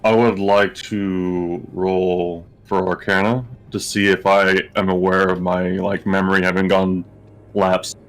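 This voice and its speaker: A man playing a tabletop game, speaking slowly and deliberately. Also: sits low, level tone. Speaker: player. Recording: distant mic, faint music.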